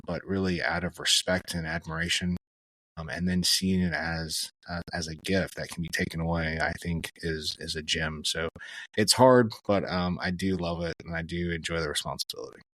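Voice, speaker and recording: A man with a very low voice talks earnestly on a podcast, pausing with fillers as he reflects. The sound is dry and close, with no room around it. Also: steady tone, fairly bright tone, no room sound. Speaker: podcast guest, former special forces soldier and chaplain. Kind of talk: casual interview talk.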